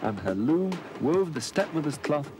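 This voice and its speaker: Man, storyteller, playful, sound words with relish, animated pitch, loud music behind. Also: moderate pace. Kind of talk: scripted children's story narration.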